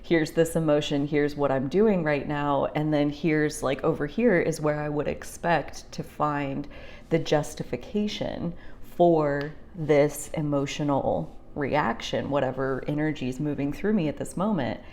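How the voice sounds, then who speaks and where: A young woman talking through a heartfelt personal reflection, rambling with many fillers and sometimes dropping to a soft near-whisper. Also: sits low, fairly even intonation, measured pace, slight background noise. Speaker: spiritual vlogger.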